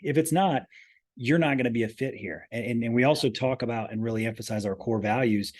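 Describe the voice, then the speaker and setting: With a medium-pitched voice and a brisk pace, the company president speaks in earnest during a podcast interview. He keeps starting his phrases over and leans heavily on the points he cares about.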